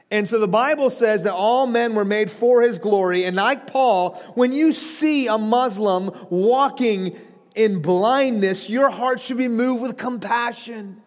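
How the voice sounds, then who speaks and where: A man from Iran delivers a sermon in a fairly high voice, earnest and urgent. He leans on stories and speaks right to his listeners. His words trail off in the long reverb of a large hall. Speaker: preacher and trainer of pastors.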